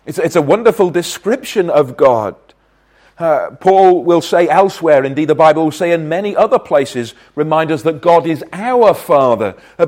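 A man preaching a sermon from Wales, earnest and emphatic, his loudness swelling and dropping as he makes his points. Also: mid-range voice.

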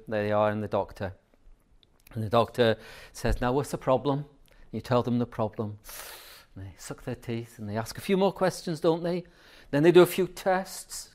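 A middle-aged man preaching a sermon in a chatty storytelling way, asking the congregation questions. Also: mid-range voice.

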